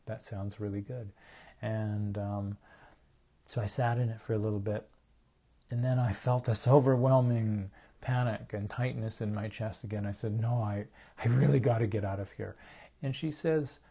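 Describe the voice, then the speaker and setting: Warm-voiced man telling a personal story. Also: lowish voice, steady tone. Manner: earnest, halting, repeats words, acts out quotes. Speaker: speaker sharing a personal story.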